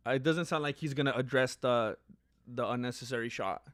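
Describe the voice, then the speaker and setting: A man giving casual live fight commentary as a streamer, chatty and animated, with many fillers and asides. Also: medium pitch, fairly quick.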